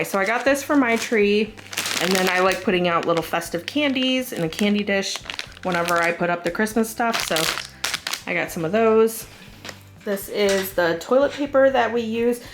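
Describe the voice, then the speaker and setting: Against a noisy background, a woman in her thirties with a Southern US accent chats about her groceries for a vlog. She speaks in a lowish voice, rambling casually and using lots of fillers.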